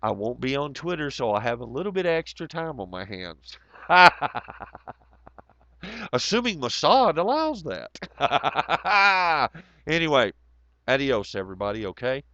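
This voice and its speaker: A man hosting a casual livestream. His voice is hoarse and nearly gone, and he rambles in a sardonic, profane way. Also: mid-range voice, animated, fairly quick, sharp tone, dry recording, muffled recording. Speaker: livestream host.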